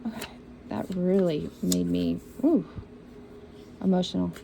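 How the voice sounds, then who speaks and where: A woman's voice: fairly low pitch, fairly even intonation, measured pace, vocal fry, warm tone, a little hiss or hum, poor audio. A woman giving a spiritual reading for zodiac signs, talking in an encouraging, repetitive and emotional way. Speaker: intuitive reader.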